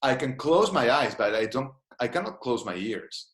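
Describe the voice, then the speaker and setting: A gestalt therapist lectures in an online webinar, inviting his audience into short exercises and explaining things with care. His medium-pitched voice swings widely in pitch, sounds a bit bright, and moves at a normal speed, in a roomy, echoing recording.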